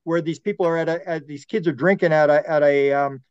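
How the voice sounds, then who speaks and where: Male podcast guest, animated rambling storyteller, slightly high voice, dull dry recording. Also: brisk, clean tone, no echo. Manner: rambling, animated storyteller who acts out quotes. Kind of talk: podcast conversation.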